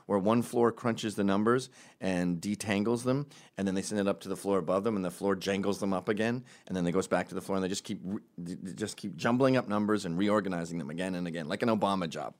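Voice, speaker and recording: A man's voice: fairly low pitch, no room sound. A man ranting comedically as a podcast host, rambling and profane, jumping between tangents. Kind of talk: comedic rant.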